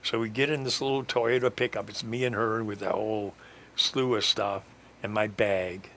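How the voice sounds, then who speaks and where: Rambling, bright-voiced male storyteller. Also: on the low side, fairly even intonation, moderate pace, slight background noise. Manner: meandering, hesitant, frequent fillers and restarts. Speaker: radio guest telling a life story.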